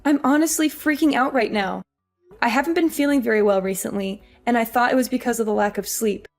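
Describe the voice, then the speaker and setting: An actress playing an exhausted young working wife, weary and pleading. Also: female voice, fairly high pitch, a little fast, faint music behind, close to an everyday voice. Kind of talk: audio drama acting.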